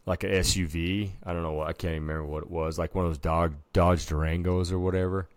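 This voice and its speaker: A man's voice: low-pitched, flat delivery, fast, dry recording. A man co-hosting a casual podcast, telling a story animatedly and peppering it with filler words. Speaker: podcast co-host. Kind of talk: casual chat.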